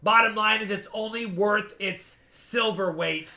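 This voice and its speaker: A man hosting a live-stream coin auction, explaining each lot at length with quick asides. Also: high-pitched, sharp tone. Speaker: coin seller and stream host.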